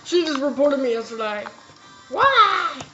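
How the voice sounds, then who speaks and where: A teenage girl with a fairly high voice drawls slowly, half-distracted by a game and repeating herself. The dull, lo-fi recording has clear music playing behind her. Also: sing-song, roomy sound. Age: teens. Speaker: co-host. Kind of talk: casual chat while playing a game.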